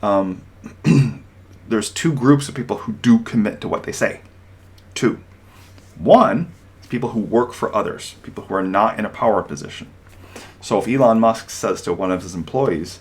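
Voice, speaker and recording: A man delivering an opinionated commentary monologue, animated and sarcastic, slipping into mocking impressions. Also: fairly low pitch, normal speed.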